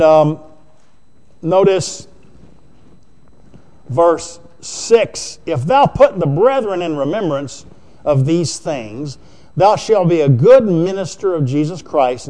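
A man's voice: a little high, darkish tone. A man preaching a sermon as pastor, talking in a conversational way and putting frequent questions to the congregation.

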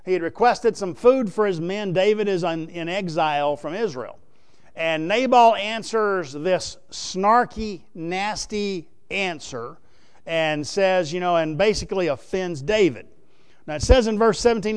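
A man's voice: high voice, lively intonation, a little slow, clear, resonant tone. A man preaching a sermon, explaining scripture in a conversational way and asking the audience questions.

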